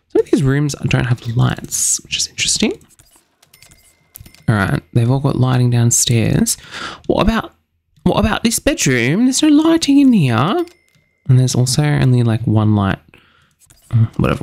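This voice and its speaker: A man's voice: medium pitch, lively intonation, moderate pace, creaky, darkish tone. A young man chatting casually in a bubbly, chatty, self-mocking way while he narrates his gameplay. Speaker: gaming channel host.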